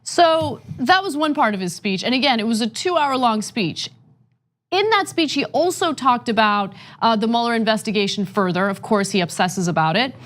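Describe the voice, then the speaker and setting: A woman's voice: fairly high pitch, lively intonation, moderate pace. A woman hosting political commentary, emphatic and disapproving.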